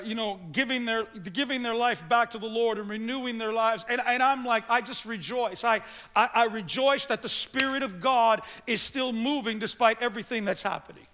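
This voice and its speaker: A man's voice: very high-pitched, sharp tone. A man preaching a sermon to his congregation as pastor, repeating words as he restarts and calling on the room to respond. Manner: stammering restarts, rallying the congregation. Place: church sanctuary. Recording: long reverb of a large hall.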